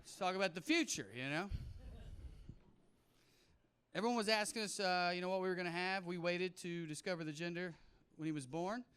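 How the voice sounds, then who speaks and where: A man's voice: high-pitched, fairly quick, long pauses, clear, resonant tone. A man in his thirties with a Southern US accent doing a brash, punchy stand-up comedy set on stage. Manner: brash, punchy, mock-shouting crowd work. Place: comedy stage before a live audience.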